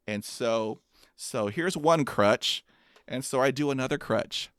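Guy with a stutter telling a funny story about himself, dry close mic, normal pitch. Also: takes it slowly, dry recording. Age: adult with a master's degree. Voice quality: stutter with blocks and repetitions. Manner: animated, self-mocking, acts out quotes. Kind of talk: personal storytelling talk.

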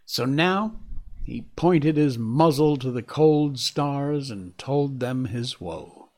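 A man narrating a classic adventure novel aloud, in a measured, expressive reading voice. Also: medium pitch. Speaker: audiobook narrator. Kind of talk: scripted narration.

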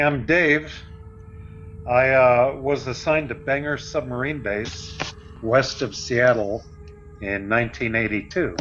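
A man in his sixties from Florida, telling a personal story in a loose, conversational way with fillers. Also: mid-range voice. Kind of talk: casual storytelling. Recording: slightly muffled lo-fi audio.

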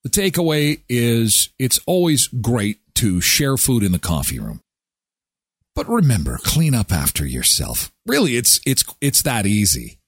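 A man's voice: mid-range voice, a little slow, breathy edge, no echo, clean studio sound. A man hosting a morning show, chatting casually and joking, acting out little scenes as he tells stories. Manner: animated, jokey, acts out voices in his stories. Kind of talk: casual chat.

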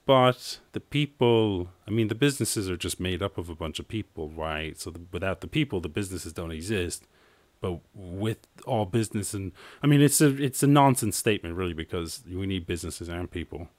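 A man from Ireland hosting a podcast, rambling through an animated story with swearing and laughs. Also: low-pitched, dry recording. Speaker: podcast host. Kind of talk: casual monologue.

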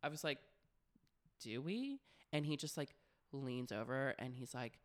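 A man's voice: medium pitch, steady tone, normal speed. A young man co-hosting a podcast, telling frank, profane stories in casual chat with constant "like" fillers. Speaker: podcast co-host.

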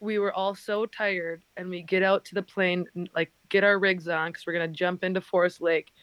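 A woman's voice: fairly low pitch, steady tone, normal speed, fairly bright tone, smooth, dry recording. A woman who works as a skydiving instructor, chatting casually as a podcast guest, laughing often and saying um and like. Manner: laughs often while telling stories, many "um" and "like".

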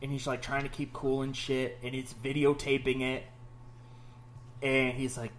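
A man telling stories in a casual podcast chat, animated and full of swearing. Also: mid-range voice, a little slow, slight background noise. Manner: profane, animated storytelling. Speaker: podcast host.

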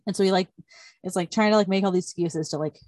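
A woman's voice: lowish voice, fast, darkish tone, dry recording. A young woman casually retelling a story to a friend, rambling and full of "like" fillers. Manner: rambling, heavy use of "like" fillers. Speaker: storyteller recapping a plot. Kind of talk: casual chat.

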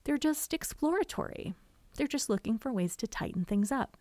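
A woman giving casual writing advice to camera, expressive and chatty, often acting out quotes. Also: fairly high pitch, moderate pace, no room sound. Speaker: writer and vlogger.

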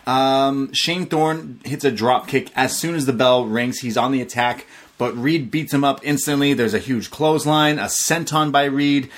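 Excitable man recapping wrestling. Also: mid-range voice, normal speed. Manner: excitable, slangy, recaps matches play by play. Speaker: podcast co-host. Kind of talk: casual wrestling recap chat.

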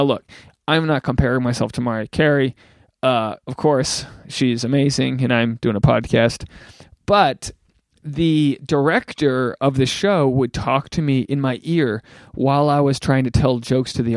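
A man's voice: medium pitch, dry recording, studio quality. A man hosting a podcast in casual chat, rambling through self-deprecating jokes. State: out of breath. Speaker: podcast host. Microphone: home podcast mic.

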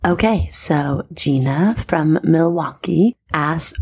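Woman podcast host just chatting, low voice w lots of vocal fry, super loose and rambly. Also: fairly even intonation, moderate pace, a little mellow. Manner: chatty, loose, full of fillers. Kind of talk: casual spiritual podcast monologue.

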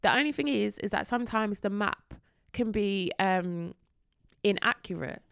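A woman's voice: mid-range voice, unhurried, gravelly, clean tone, no echo, clean studio sound. A young woman, telling a story in casual chat and acting out the voices of the people in it. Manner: animated, acts out voices in her stories.

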